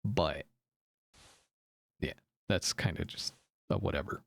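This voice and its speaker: A man's voice: sits low, slow, creaky, no room sound. An American man streaming a game, chatting casually with viewers, rambling and correcting himself as he goes. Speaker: gaming streamer. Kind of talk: casual live-stream chat.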